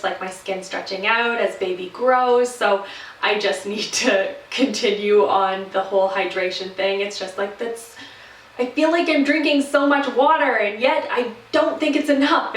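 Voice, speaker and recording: A woman's voice: medium pitch, a bit bright, recorded from a distance, slight background noise. Chatty young woman in a roomy space. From Canada. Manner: chatty, rambling, many fillers and restarts. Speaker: vlogger. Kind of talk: casual pregnancy update vlog. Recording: roomy echo, voice set back from the mic.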